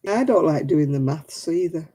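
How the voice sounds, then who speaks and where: A woman's voice: low-pitched, mellow, husky, low-quality recording. An older woman, chatting and telling stories with a giggle while she crafts over a video call from home. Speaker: craft stream host. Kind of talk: casual chat while crafting.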